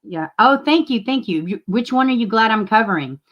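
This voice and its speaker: A woman's voice: on the high side, animated, fairly quick, highs cut off. A woman, casually chatting with viewers as a livestream host and greeting them by name. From Tennessee, US.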